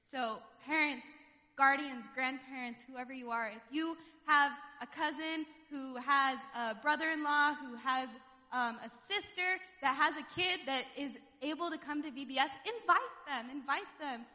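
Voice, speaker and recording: A woman's voice: high voice, normal speed, sharp tone, long reverb tail. A woman youth leader leading a fervent prayer and church announcements, repeating God between phrases. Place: church sanctuary.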